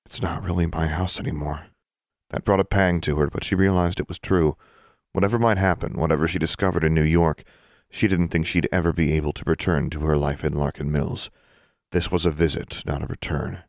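A man calmly narrating an audiobook in an even, measured way. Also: deep voice, dry recording, clean studio sound. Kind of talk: scripted narration.

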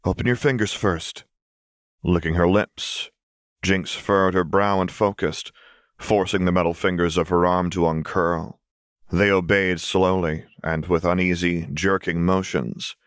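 Deep-voiced man narrating fan fiction. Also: flat delivery, a little slow, clear, resonant tone, dry recording, clean studio sound. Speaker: audiobook narrator.

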